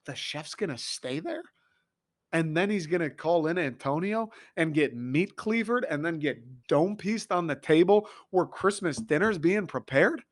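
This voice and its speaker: An American man hosting a podcast, ranting casually about TV in an excitable, profane, animated way. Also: fairly high pitch, a little slow. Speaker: podcast host. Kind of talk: casual solo rant.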